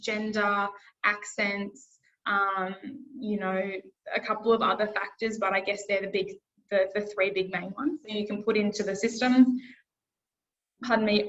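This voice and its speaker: A woman's voice: mid-range voice, a bit bright. A woman with an Australian accent, a speech pathologist giving an online presentation, earnest and repeating words for emphasis. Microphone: video call. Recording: muffled video-call audio.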